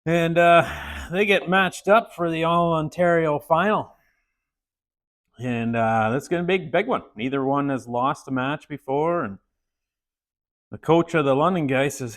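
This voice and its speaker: A man hosts a relaxed joke-telling segment and tells a long story at an easy pace. His delivery wanders and is full of pauses, and his voice sits slightly above average pitch. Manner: rambling storyteller, frequent "uh" pauses.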